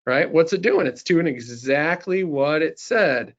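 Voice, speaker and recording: Upbeat man demoing software. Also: fairly high pitch, lively intonation, unhurried, hardly any pauses, highs cut off. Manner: upbeat salesman, many fillers like you know. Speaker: webinar presenter. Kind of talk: live software sales demo.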